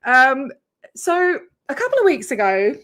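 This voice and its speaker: A woman's voice: sits high, very animated, a little slow, a bit bright. Chatty Australian woman livestreaming. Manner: chatty, rambling, greets viewers by name. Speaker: YouTube channel host. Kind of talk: casual livestream chat.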